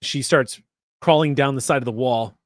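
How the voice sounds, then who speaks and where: A man narrating a tabletop game as game master, relaxed and chatty with many fillers. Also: medium pitch, moderate pace, no echo, studio quality.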